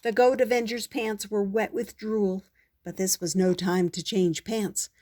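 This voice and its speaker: Older woman, storybook reader; slow, gentle, unhurried delivery. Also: medium pitch, steady tone. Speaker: storyteller grandmother. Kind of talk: reading a children's book aloud.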